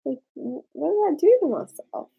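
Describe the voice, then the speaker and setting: A woman vlogger telling a personal story in a rambling, halting way, tipsy and tearful. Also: high-pitched, sing-song, vocal fry, mellow, poor audio. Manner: rambling, halting, with frequent fillers and swearing. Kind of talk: casual confessional storytelling.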